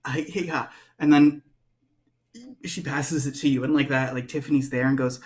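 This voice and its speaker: A man's voice: medium pitch, fairly even intonation, moderate pace. A man narrating as game master in a tabletop game, rambling loosely with lots of fillers.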